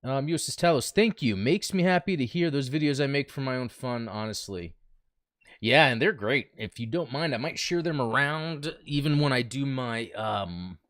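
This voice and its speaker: Chatting with viewers during a casual home livestream, a man thinks aloud while setting things up, speaking into a desk mic. His medium-pitched voice is expressive and fairly bright at a moderate pace, and the recording is dry and studio-clean.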